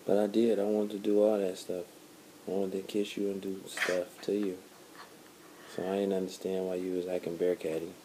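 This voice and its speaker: Very deep, dark-voiced man bantering. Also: little pitch movement, normal speed, slight background noise, rough recording. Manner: joking, bantering, cuts in to correct her. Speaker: vlogger's partner. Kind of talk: casual storytelling chat.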